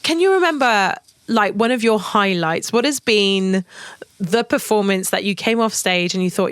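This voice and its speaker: A woman's voice: mid-range voice, expressive, moderate pace, fairly bright tone, smooth, no room sound. A woman hosting a podcast, chatting casually and enthusiastically with a guest, often laughing. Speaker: podcast host. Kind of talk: casual interview chat.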